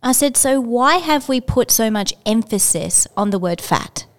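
A woman co-hosting a podcast, telling stories in an animated way and acting out past conversations. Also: a little high, a little slow. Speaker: podcast co-host, former educator. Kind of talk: casual interview chat.

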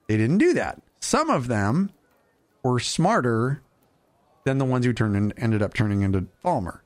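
A man hosting a casual gaming podcast, animated and jokey, with quick asides. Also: medium pitch. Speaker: podcast host.

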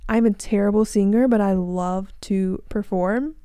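Young woman rambling through a story, mellow voice, dry close sound. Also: mid-range voice, measured pace, no room sound, low-quality recording. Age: young adult. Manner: animated storytelling, frequent swearing and laughs. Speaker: podcast host. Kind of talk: casual chat.

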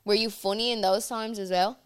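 A woman's voice: mid-range voice, fairly even intonation, a little fast, clean tone. A woman co-hosting a podcast in casual chat, chatty and full of fillers as she asks questions. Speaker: podcast co-host.

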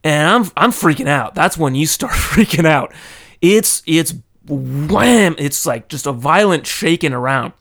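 A man from California, animated and dramatic, telling a personal story into a close microphone. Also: a little high, normal speed, hardly any pauses. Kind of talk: casual storytelling monologue. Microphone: close studio microphone.

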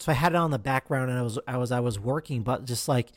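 A man's voice: medium pitch, fast talker, no room sound, studio quality. A man hosting a podcast, reviewing films in casual chat, rambling and swearing with lots of fillers and restarts. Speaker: podcast host.

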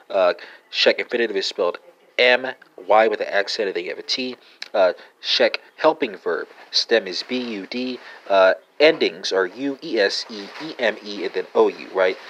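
A man's voice: fairly low pitch, a bit bright, muffled recording. A man hosting a language-lesson podcast, going methodically through verb forms and spelling them letter by letter with frequent fillers. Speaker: podcast host teaching languages.

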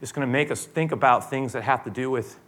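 A man preaching a sermon, retelling a story dramatically and swinging between loud and hushed speech. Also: mid-range voice, quick pace. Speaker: pastor.

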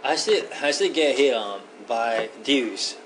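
A man chatting casually on a comedy podcast, laid-back and quick to laugh. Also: medium pitch, expressive, a bit bright, a little hiss or hum, poor audio. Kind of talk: casual chat.

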